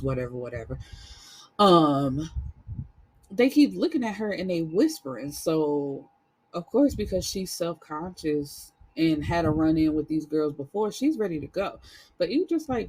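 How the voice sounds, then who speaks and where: Husky, candid woman reviewing a book. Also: sits low, rough recording. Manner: candid, animated, profane storytelling. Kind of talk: casual book review vlog.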